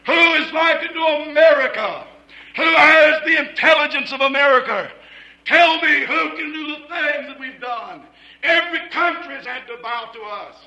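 A man preaching a fiery sermon, shouting in a rhythmic, repetitive cadence. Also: high-pitched, echoey room, poor audio.

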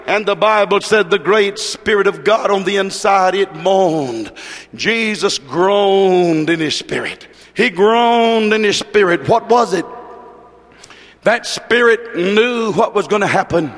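Fervent preacher with a high voice. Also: male voice, slow pace. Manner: fervent, rhythmic, rising to shouts. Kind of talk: sermon. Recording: long reverb of a large hall.

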